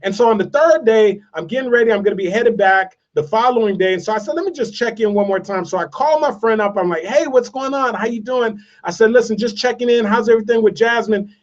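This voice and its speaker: A motivational speaker with a high voice talks quickly with few pauses, telling a story through emphatic repetition. The recording is distant and dull, with a lo-fi sound.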